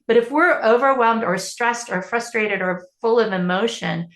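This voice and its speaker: A woman's voice: fairly high pitch, moderate pace, fairly bright tone, echoey room. A woman parenting coach answering interview questions in an earnest, explanatory way, often restarting her sentences.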